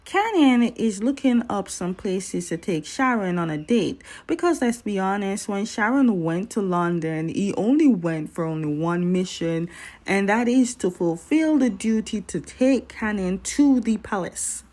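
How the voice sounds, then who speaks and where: A woman's voice: mid-range voice, expressive, measured pace, darkish tone. A woman recapping a drama episode in a chatty, playful way, talking straight to her viewers.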